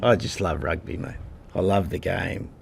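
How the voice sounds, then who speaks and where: Blunt low-voiced older coach. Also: male voice, normal speed, creaky, slight background noise. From Australia. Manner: blunt, combative, calls people mate. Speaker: rugby head coach. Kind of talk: press conference answers. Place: press conference room.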